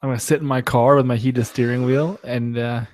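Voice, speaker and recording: A man's voice: medium pitch, steady tone, fairly quick, darkish tone, no echo. A man hosting a casual live-stream chat, joking around, laughing often and reading out viewer comments.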